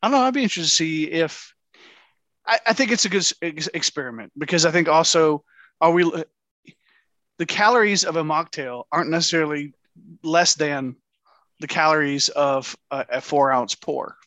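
A married man co-hosting a casual podcast, eager and halting, tripping over his words as he pitches ideas. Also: a bit bright, dry recording. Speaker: podcast co-host. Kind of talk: casual chat.

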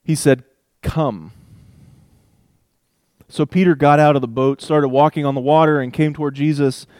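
A man teaching a Bible passage in a relaxed, conversational way, reading verses aloud and thinking out loud with asides. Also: fairly high pitch, fairly quick, no room sound, studio quality. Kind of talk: casual Bible study talk with scripture reading.

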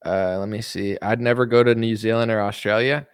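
A man's voice: lowish voice, steady tone, a little fast, smooth, dry recording, studio quality. A man from the United States answering viewer questions in a casual, rambling, joking livestream chat. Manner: rambling, joking, reads viewer comments aloud.

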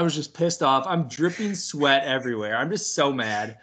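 A young man tells a story in loose podcast chat, cursing freely and laughing along. His voice is bright and pushed forward. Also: a little high, a little fast, hardly any pauses. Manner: animated, swears often, laughs through the story. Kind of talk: casual storytelling.

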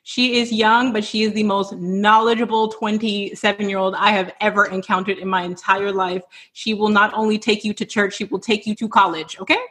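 A woman hosts a virtual celebration over a video call. Her voice sits at an ordinary middle pitch. She gushes over her guests and keeps nearly crying. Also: little pitch movement, a little fast, few pauses. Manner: effusive, tearful, warm affirmations. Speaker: podcast host. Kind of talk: emotional virtual event hosting.

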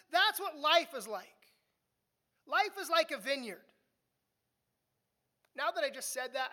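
Bright, high-voiced woman preaching. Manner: conversational teaching, repeats words when restarting. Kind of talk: expository sermon.

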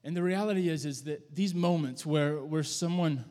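A man preaching a sermon, telling a story in a conversational, halting way with frequent restarts. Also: fairly high pitch, dark tone. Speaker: pastor. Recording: long hall reverb.

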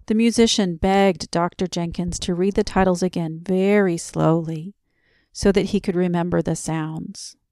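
A woman reading a story slowly and quietly as a bedtime narration. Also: fairly low pitch, smooth, no echo, studio quality. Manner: slow, soft and quiet.

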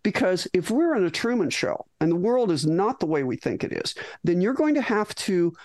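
A woman's voice: lowish voice, very animated, normal speed, a little mellow, no room sound. A middle-aged woman, a physician guest in an interview, tells a story animatedly with frequent restarts and acted-out lines.

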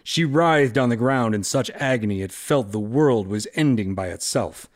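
A man on a podcast reading a story aloud in a deliberate, expressive way. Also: medium pitch.

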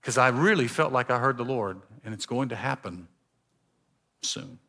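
Bright-voiced man preaching a story-driven sermon. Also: medium pitch, normal speed. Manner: storytelling, shifting between loud emphasis and quiet, hushed lines. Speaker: pastor. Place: church.

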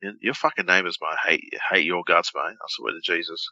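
Deep, forceful man, lo-fi. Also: fairly even intonation, brisk, no room sound. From Australia. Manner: blunt, swearing, joking. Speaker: podcast co-host. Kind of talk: casual chat.

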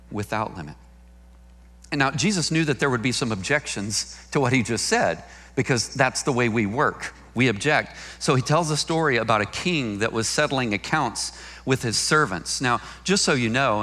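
A man's voice: mid-range voice, bright, forceful tone. A male pastor preaching a sermon in a conversational, storytelling way, repeating key lines for emphasis.

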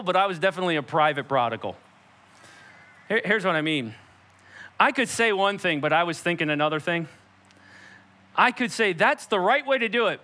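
Guy preaching, bright kinda high voice, tells stories and acts out the quotes. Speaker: pastor. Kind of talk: sermon.

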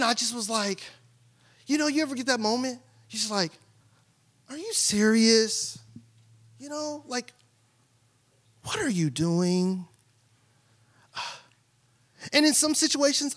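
A man preaching a sermon in a high, bright voice. He talks in a candid, conversational way, circling back and restarting his sentences as he shares his own struggles with the congregation. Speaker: pastor.

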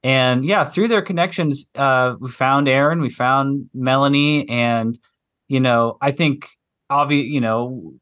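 A man from Kansas, a film director giving halting interview answers with frequent ums and uhs. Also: mid-range voice, a bit bright. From Kansas, United States.

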